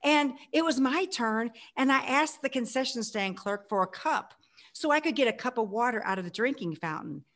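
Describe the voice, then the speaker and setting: Animated woman in her sixties. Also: a little high, moderate pace. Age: 60s. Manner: animated, acts out her own past voice. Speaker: guest. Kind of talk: storytelling interview answer.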